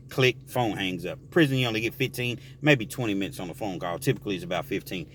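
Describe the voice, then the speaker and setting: A man casually telling a prison story, animated and explaining things directly to the listener. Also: lowish voice, fast talker, hardly any pauses, a little hiss or hum.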